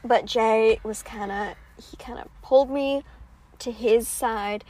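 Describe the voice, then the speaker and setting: Husky young woman telling a story. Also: on the high side, unhurried, mellow. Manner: laid-back, swears freely, quotes people in put-on voices. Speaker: podcast host. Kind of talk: casual storytelling chat.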